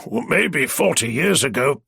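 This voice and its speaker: A man's voice: medium pitch, lively intonation, unhurried, creaky, bright, forceful tone, breathy edge, no room sound, studio quality, exaggerated voice. A man voicing a playful older man who eggs his friends on with jokes. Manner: egging on, jokey.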